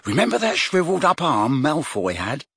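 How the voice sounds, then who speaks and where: A man voicing a teenage boy who is easily baffled, with incredulous, sharply rising speech and a husky, dry sound. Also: big pitch swings, moderate pace, fairly bright tone, dry recording, full character voice. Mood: vague. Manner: incredulous, jumps high in pitch.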